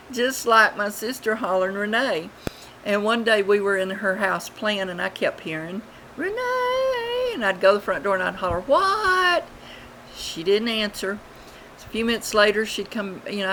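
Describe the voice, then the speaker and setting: A woman, telling childhood stories in a rambling, unhurried way with many fillers, recorded on a webcam at home. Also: mid-range voice, a bit bright, slight background noise, low-quality recording. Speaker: vlogger. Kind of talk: casual storytelling.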